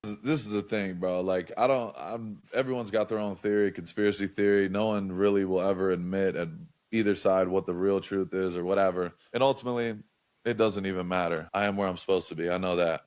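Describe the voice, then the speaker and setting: A young man in casual storytelling mode as a podcast guest, talking in an animated way, loose and full of slang and filler words. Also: low voice, a little fast.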